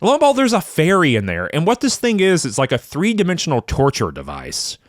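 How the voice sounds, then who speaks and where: A man's voice: a little high, fairly quick, no echo. A man co-hosting a gaming podcast, recorded dry and close with almost no room sound. His voice rises and falls freely as he tells his playthrough in a playful, jokey way. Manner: playful, animated storytelling. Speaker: podcast co-host. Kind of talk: casual gaming chat.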